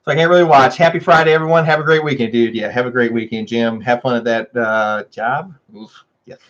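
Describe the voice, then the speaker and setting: A man hosts a casual livestream, chatting with viewers, laughing often, and scolding his dogs in a high voice. He talks briskly in a slightly bright voice, and the highs are cut off.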